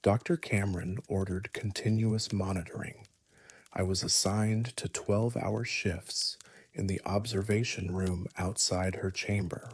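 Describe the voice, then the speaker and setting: Male horror storyteller, slow and hushed, very low husky whisper-edged voice. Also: fairly even intonation. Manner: hushed, often whispery delivery. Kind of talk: scripted first-person horror narration.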